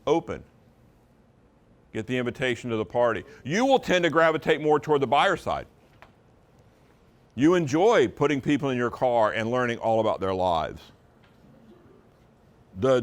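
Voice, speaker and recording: At a live seminar for real estate agents, a man presents in an emphatic, conversational style, using his intonation to hammer points home. His pitch is medium.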